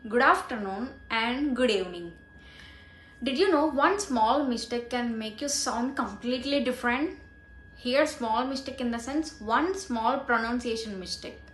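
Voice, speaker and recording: A woman vlogger talking casually and practicing pronunciation slowly and deliberately. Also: on the high side, fairly bright tone. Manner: slow, careful and deliberate while practicing. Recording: echoey room with faint noise.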